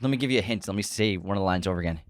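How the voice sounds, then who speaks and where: A man's voice: low-pitched, racing, no room sound, studio quality. A man co-hosting a podcast, a playful quizmaster who laughs often in casual chat. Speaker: podcast co-host.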